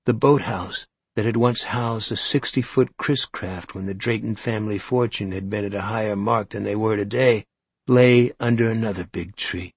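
A man narrates a first-person story in an even, measured manner. His voice is low and husky. The recording is close and dry, with no room sound. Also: no room sound. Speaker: audiobook narrator.

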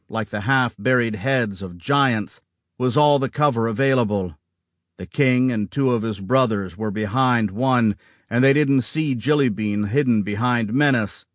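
Steady male audiobook narrator. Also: mid-range voice, no echo, clean studio sound. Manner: steady, dramatic storytelling.

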